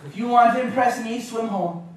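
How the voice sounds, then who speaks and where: A woman's voice: fairly high pitch, moderate pace, a little mellow, slight background noise, voice pushed up, close to an everyday voice. A man doing a tough old Irish grandma. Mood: scornful. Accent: Irish-sounding. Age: older. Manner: dry, scolding and deflating. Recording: echoey lecture hall from far off.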